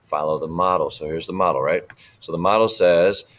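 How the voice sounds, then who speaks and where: Low-voiced man teaching Spanish. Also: fairly quick, fairly bright tone. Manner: explains step by step, checking in with "right?". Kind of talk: screen-share lesson walkthrough.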